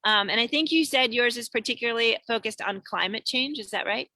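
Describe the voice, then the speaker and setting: Chatty and upbeat, a woman runs an online singing show over a video call while parked on a road trip, reading out lots of viewers' names as she greets them. Her voice is on the high side, pushed and bright, and a little fast, in a dry recording.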